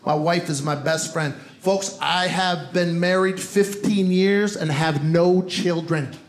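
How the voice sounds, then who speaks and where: A stand-up comedian with a Brooklyn accent, performing a set on a comedy club stage with punchy, playful crowd asides. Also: male voice, fairly high pitch, fairly even intonation, takes it slowly. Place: comedy club stage before a live audience. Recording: roomy live venue with crowd noise.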